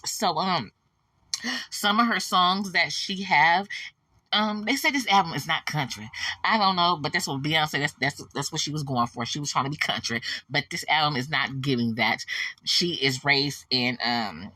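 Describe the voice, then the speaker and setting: Sassy lady spilling celebrity tea, bright tense voice, real dry sound. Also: deep voice, moderate pace, no echo. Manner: sassy and animated, calls viewers sugar. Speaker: host. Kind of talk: celebrity gossip commentary.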